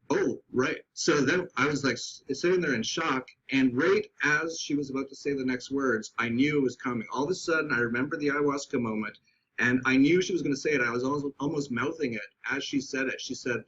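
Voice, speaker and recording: A man as a podcast guest, telling a candid personal story in a reflective, halting way with many restarts. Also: medium pitch, a bit bright, slightly rough, highs cut off.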